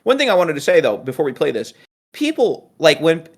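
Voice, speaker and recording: A man's voice: fairly high pitch, very animated, fairly quick. Rambling New England podcast guy. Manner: rambling, self-interrupting, playful. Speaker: podcast co-host. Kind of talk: casual podcast chat.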